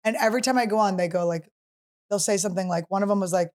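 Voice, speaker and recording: Woman, 40s, chatty, animated storyteller, casual swearing, mid pitch. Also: very fast. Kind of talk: casual chat.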